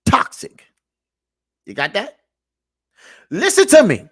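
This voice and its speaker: A man hosting his own show and reacting to clips with preachy commentary. He repeats himself, calls out to his audience, and swings from low muttering to loud emphatic shouting. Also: wildly swooping pitch, takes it slowly, long pauses, slightly rough, no room sound, studio quality.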